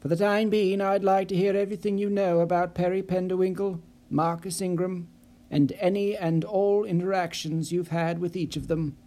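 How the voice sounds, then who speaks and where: A man's voice: high-pitched, steady tone, moderate pace, mellow. A man voicing a stern male investigator in an audiobook, speaking in a clipped, cold, authoritative way. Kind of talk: audiobook character voice.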